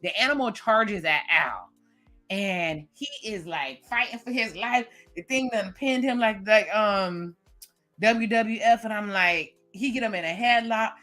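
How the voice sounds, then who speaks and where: A woman's voice: medium pitch, measured pace, sharp tone, soft background music. A woman in her late thirties casually recapping a TV episode, animatedly acting out her own reactions to the scenes. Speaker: TV recap vlogger.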